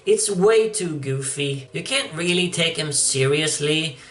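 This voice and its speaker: A man's voice: a little high, animated, unhurried, fairly bright tone. A man giving casual, wry commentary on a comic book, chuckling as he goes. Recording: echoey room, distant mic.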